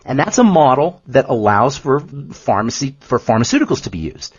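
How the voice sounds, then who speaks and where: A man co-hosting a health podcast who explains nutrition in an emphatic, animated way, often repeating himself for emphasis. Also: medium pitch, moderate pace, slightly rough, no room sound, highs cut off. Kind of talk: casual explanatory podcast talk.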